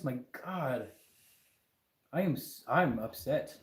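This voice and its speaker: Guy ranting on his livestream, mellow tone, keeps repeating himself, roomy echo. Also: mid-range voice, slow. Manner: emphatic, ranting, with exasperated repetition. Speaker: livestream host. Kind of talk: casual livestream chat.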